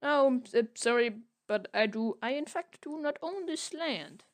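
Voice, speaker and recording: A woman's voice: sits high, lively intonation, moderate pace, pitched above the performer's own voice. A woman voicing a polite, flustered young male reporter hero while retelling a comic. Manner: flustered, apologetic.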